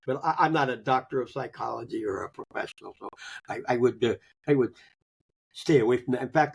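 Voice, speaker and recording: An older man telling personal stories in a folksy, conversational way, often chuckling and trailing off softly. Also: mid-range voice. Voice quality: gravelly, husky. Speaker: guest, grief author. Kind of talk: conversational interview.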